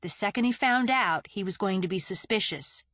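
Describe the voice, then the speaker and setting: A woman narrating a mystery thriller audiobook in the first person, with measured, steady storytelling on a close studio mic. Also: medium pitch, no echo.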